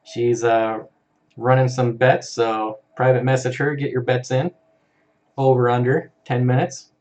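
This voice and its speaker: Male streamer, mid-pitched, relaxed and chatty, chuckling as he reads out viewer comments. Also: a little slow, highs cut off. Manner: easygoing, chuckles often, reads comments aloud. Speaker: live-stream host for an aquarium channel. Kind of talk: casual live-stream chat reading viewer comments.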